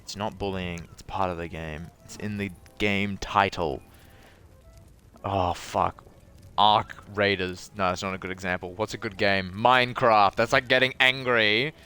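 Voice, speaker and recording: A man's voice: mid-range voice, sharp tone, smooth. A man ranting as a gaming video creator, exasperated and laughing at himself, swearing often. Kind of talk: ranting commentary on comments.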